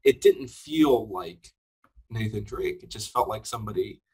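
A man's voice: on the low side, expressive, unhurried, darkish tone, slightly rough. A man co-hosting a podcast, talking casually and animatedly with lots of laughs and fillers. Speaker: podcast co-host. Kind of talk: casual chat reviewing a film.

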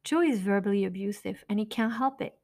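A woman's voice: mid-range voice, fairly quick, a little mellow. Blunt, profane woman narrating a memoir. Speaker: narrator reading her own memoir.

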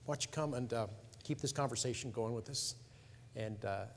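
A man's voice: mid-range voice, fairly quick, in a large hall, slight background noise. A man hosting, bantering jokingly and introducing the next speaker. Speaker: host.

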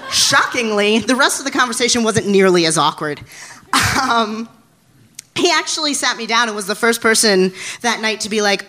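Bright, animated young storyteller on stage. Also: mid-range voice, moderate pace. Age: 20s. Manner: animated, giggly, self-deprecating. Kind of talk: live comedic storytelling. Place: stage before a live audience.

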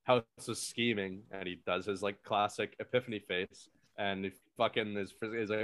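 A man's voice: on the low side, fairly even intonation, moderate pace, few pauses, fairly bright tone, no room sound. A young man co-hosting a podcast in casual chat, blunt and opinionated, swearing freely. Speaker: podcast co-host.

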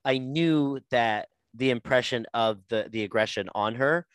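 A man chatting casually as a podcast co-host, rambling and enthusiastic. His voice is smooth and resonant, and it sounds dry and close. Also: medium pitch, a little slow, dry recording. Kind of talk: casual chat.

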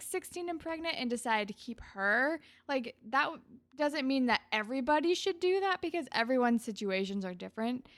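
A woman co-hosting a podcast, casually recapping a TV episode and acting out the characters' lines in quick quoted bits, with lots of fillers. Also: a little high. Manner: animated retelling with quoted voices, frequent fillers. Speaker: podcast co-host.

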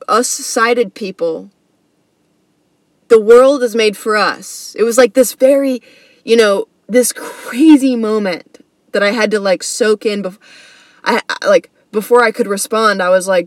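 A woman's voice: mid-range voice, no echo. A woman hosting a comedy podcast, telling a story in a slangy, earnest, casual way. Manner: slangy and earnest, says bro and dude.

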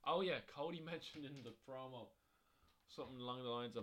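A man's voice: mid-range voice, steady tone, fast, a bit bright, slight background noise. A man hosting a podcast on his own, recapping wrestling shows in a rambling, casual way with plenty of fillers and swearing. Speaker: podcast host.

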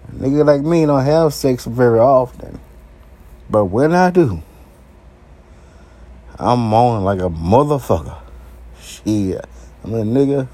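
A man delivering a raw, uncensored monologue to his viewers, brash, profane and animated, breaking into laughter. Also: mid-range voice, unhurried, pauses often. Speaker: vlogger.

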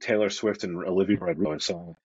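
A man's voice: sits low, fast, a little mellow, breathy edge, dry recording, muffled recording. A middle-aged man from Brooklyn with a mild New York accent, chatting casually as an interview guest and rambling with easygoing restarts. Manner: rambling, self-correcting, easygoing. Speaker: podcast guest, comic creator.

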